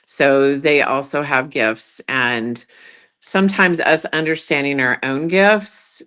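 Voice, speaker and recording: Deep-voiced older woman, bright forceful tone. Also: slow, smooth. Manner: earnest, flowing, filler-heavy. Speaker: tarot reader. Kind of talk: casual live tarot reading.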